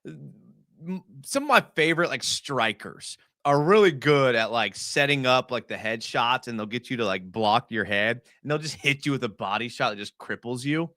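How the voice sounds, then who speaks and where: A young man hosting a casual live stream. He breaks down game film in a chatty way, full of fillers, and gets excited as he talks. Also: medium pitch, normal speed, no echo, clean studio sound.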